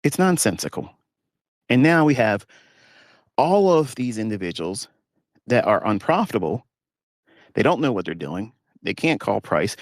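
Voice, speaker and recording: A man's voice: mid-range voice, dry recording, studio quality. A man working as a trading mentor, talking casually to his viewers from his parked pickup truck in an emphatic, scornful rant with mocking asides.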